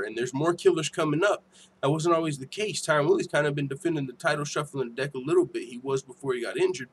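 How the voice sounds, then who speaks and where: A man hosting a casual livestream, reading viewer comments aloud with profane, laughing, animated banter. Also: mid-range voice, a little hiss or hum. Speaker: MMA show host.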